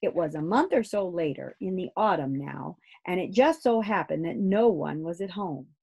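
A woman reading a children's book aloud, lively and expressive, jumping to loud high shouts for the characters. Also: normal speed, creaky, breathy edge. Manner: lively, raising her voice high for shouts and bird cries. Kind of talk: read-aloud storytelling.

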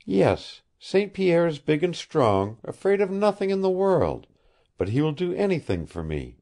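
A man's voice: fairly high pitch, sing-song, unhurried, darkish tone, voice pushed up. A man reading the part of an earnest, innocent young woman who holds a prisoner, speaking with childlike sincerity. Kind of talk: audiobook character reading.

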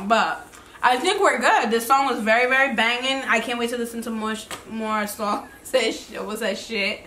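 Bright-voiced young woman, slangy chat. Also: on the high side, normal speed, echoey room, a little hiss or hum. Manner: slangy, relaxed, drawling. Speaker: co-host. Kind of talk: casual reaction chat.

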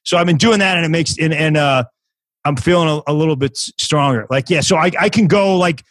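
Fairly high and fairly bright, this man's voice moves a little fast, captured in a dry recording with poor audio. He's a comedian in his fifties, a podcast guest telling a casual, rambling story full of restarts, false starts and acted-out quotes.

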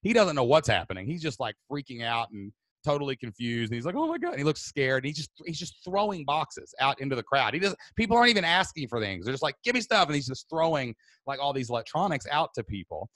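A man, a podcast host telling a story loudly and excitably, then turning it into marketing advice. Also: mid-range voice, no echo. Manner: loud, excitable, fast-moving. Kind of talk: animated storytelling.

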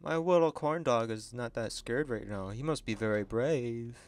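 A man giving excitable, chatty gameplay commentary and laughing often as a gaming video creator. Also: medium pitch, normal speed.

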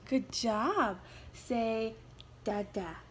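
A woman's voice: a little high, extremely slow, slight background noise. A woman at home talking to her baby in a casual vlog, cooing in sing-song baby talk. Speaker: mother and vlogger.

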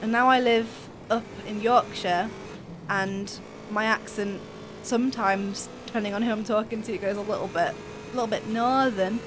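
A young woman from near Birmingham with a softened Brummie accent, chatting fast and mumbling as co-commentator over a speedrun. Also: mid-range voice, fairly even intonation, noisy background. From English Midlands, near Birmingham. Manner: fast-talking, mumbles, laughs often. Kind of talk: casual chat over gameplay.

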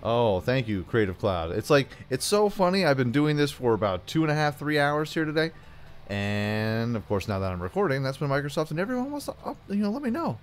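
A man's voice: mid-range voice, sing-song, brisk. A man casually commenting on a farming game as he plays, chatting to himself and the game with jokey asides. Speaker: gameplay commentator.

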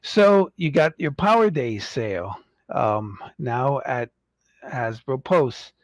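A man hosting a casual toy-collecting livestream, rambling and joking, and mocking impatient fans in squeaky put-on voices. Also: expressive, slow pace, dry recording. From United States.

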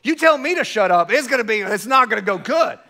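Guy pastor preaching in church, high bright voice, keeps restarting words. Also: brisk, creaky. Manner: animated preaching with repeated stammering restarts. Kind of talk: sermon.

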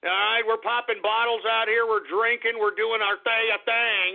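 A man's voice: extremely high pitch, level tone, normal speed, vocal fry. A man hosting a call-in radio show, boisterous and hollering with lots of laughter. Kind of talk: rowdy call-in radio banter. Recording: tinny phone-like audio, faint music.

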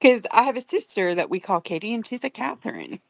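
A woman's voice: fairly high pitch, expressive, quick pace, gravelly, no echo. A woman co-hosting a live paint-along stream, chatting casually in a giggly, self-deprecating, playful way.

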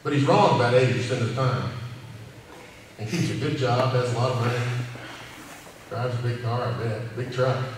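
A man's voice: mid-range voice, steady tone, moderate pace, pauses often, noisy background. Folksy male preacher, easygoing, repeats lines for emphasis; recorded far off in a reverberant hall. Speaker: cowboy church preacher. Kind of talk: informal sermon. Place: church hall. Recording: echoey hall, distant mic, faint ambience.

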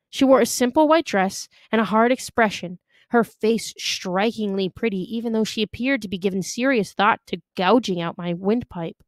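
A woman reading a novel aloud with expressive storytelling. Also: medium pitch, no echo. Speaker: audiobook reader.

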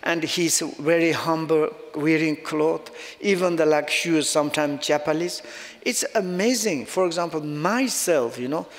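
Tibetan guy teaching dharma, broken english, kinda high voice, big echoey hall. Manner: halting non-native English with fillers, storytelling. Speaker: Buddhist teacher.

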